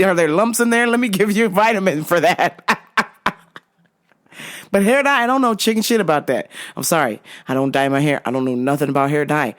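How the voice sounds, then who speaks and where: A woman hosting a casual monologue, blunt and profane, laughing often as she talks. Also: deep voice. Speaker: host.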